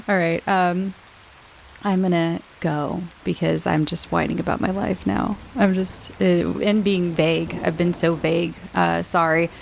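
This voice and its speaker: Woman podcaster, low gravelly voice, rambling casual chat, faint hiss behind. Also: steady tone, a little slow, poor audio. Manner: chatty, rambling, laughs often. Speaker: podcast host.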